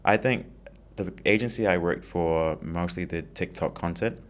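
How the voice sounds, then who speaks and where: A man, a content creator guest on a podcast, talking in a relaxed, easygoing way with lots of 'you know'. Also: sits low, moderate pace. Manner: relaxed, easygoing, says 'you know' often, laughs lightly. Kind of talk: casual interview chat.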